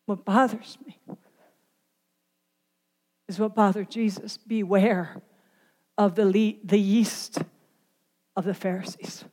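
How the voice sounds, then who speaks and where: A woman preaching a sermon, moving from hushed earnest passages to impassioned near-shouts. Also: medium pitch, steady tone, slow pace, pauses often. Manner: impassioned, swinging from quiet to shouting. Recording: long hall reverb.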